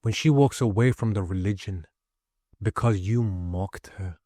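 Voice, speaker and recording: A man with a low voice delivers a heated, profanity-laced monologue to camera. He talks forcefully and rants. The sound is dry, with no room echo. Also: measured pace. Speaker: vlogger.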